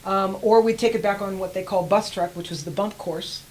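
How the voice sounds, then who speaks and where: Guest, woman in her 60s, mid-pitched voice, animated storyteller. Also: brisk, a little hiss or hum, poor audio. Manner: animated, laughs often, acts out quoted voices. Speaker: guest rider. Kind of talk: storytelling in a casual interview.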